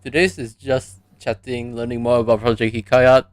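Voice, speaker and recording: A laid-back man hosts a relaxed podcast chat. His voice sits in a middle pitch and sounds close and dry, with little room to it. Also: no echo. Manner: laid-back and easygoing, quick to laugh. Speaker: podcast host.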